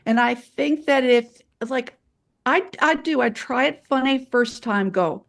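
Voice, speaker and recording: A woman co-hosting a candid podcast conversation, a blunt and animated storyteller. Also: sits high, unhurried, gravelly. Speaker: podcast co-host, nurse anesthetist.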